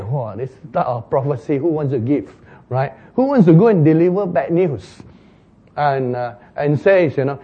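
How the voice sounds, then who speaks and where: A man preaching an animated, playful sermon retelling, laughing at his own jokes. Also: a little high, normal speed, husky, highs cut off.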